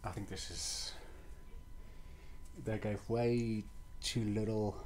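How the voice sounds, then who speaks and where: Slow, low-voiced man grumbling while painting. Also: little pitch movement, a little mellow, slight background noise. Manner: exasperated, muttering and sighing while painting. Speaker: toy review vlogger. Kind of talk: casual hands-on review.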